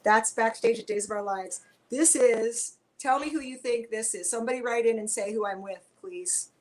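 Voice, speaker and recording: A woman guest on a video-call Q&A, chatting in a lively, rambling way. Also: fairly high pitch, moderate pace, low-quality recording. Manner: chatty, animated, tangents.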